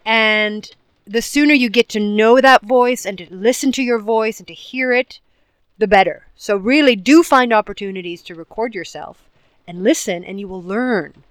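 Woman coach being interviewed; calm, measured delivery, dry recording. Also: mid-range voice, no room sound. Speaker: public speaking coach. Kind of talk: interview answers, advice.

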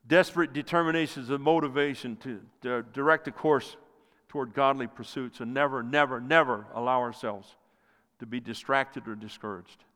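A male pastor preaching a sermon with passion, rising loud and then dropping to near quiet. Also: steady tone, normal speed. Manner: impassioned preaching, swells loud then drops low. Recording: long hall reverb.

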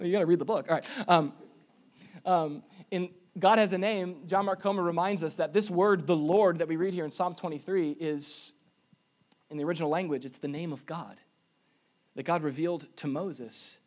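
A man preaching a sermon to a congregation in a church, moving between quiet intimate asides and loud emphatic appeals. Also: on the high side, brisk. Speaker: pastor. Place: church sanctuary before a congregation.

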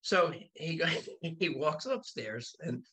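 A man's voice: a little high, lively intonation, takes it slowly, bright, forceful tone. A man in his sixties, a body shop owner, talking bluntly and with profanity as a podcast guest. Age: 60s. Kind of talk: casual podcast conversation.

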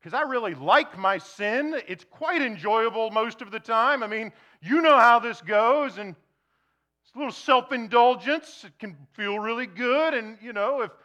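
A man's voice: extremely high pitch, moderate pace, sharp tone, highs cut off, pitched above the performer's own voice. A man voicing an imaginary churchgoer who breezily excuses his own sin. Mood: flippant. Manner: breezy, bargaining, self-excusing. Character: imaginary self-indulgent churchgoer, flippant adult man.

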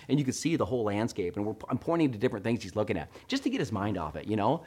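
A middle-aged man preaching a sermon, telling a story with animated swings between hushed and loud delivery. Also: fairly low pitch, quick pace, few pauses. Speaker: pastor.

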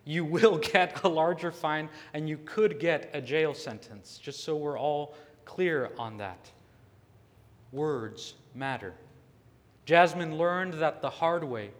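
A man preaching a sermon, telling a story earnestly with slow, emphatic stresses. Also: a little high, long reverb tail. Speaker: pastor.

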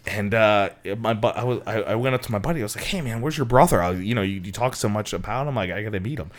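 A man's voice: fairly low pitch, fast talker. A young man co-hosting a podcast, telling a rambling story in casual chat, laughing and mimicking voices. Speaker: podcast co-host.

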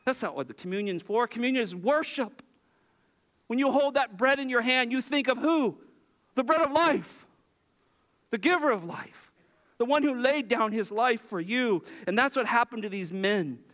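A man with a high voice preaches a sermon to his congregation. He is animated and acts out the lines he quotes. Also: normal speed. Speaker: pastor.

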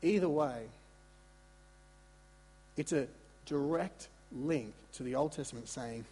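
A man preaching a sermon in a conversational, animated way, with asides and repeated words. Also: medium pitch, slow pace, long pauses, long reverb tail, slight background noise. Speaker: pastor.

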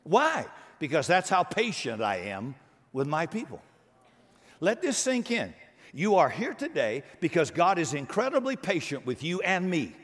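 A male pastor delivers a lively sermon with a pitch that swings widely and sits a bit high for a man. He talks casually, acts out little voices and cracks jokes. A long reverb trails his words through the church. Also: moderate pace. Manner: animated preaching with acted-out voices and jokes.

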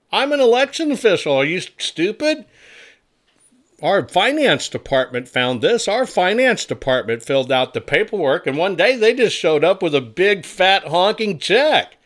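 A man's voice: high-pitched, big pitch swings, unhurried, fairly bright tone, pitched above the performer's own voice, heavily acted. A man putting on the voice of a defensive male election official, whiny and protesting innocence in a mocking impression.

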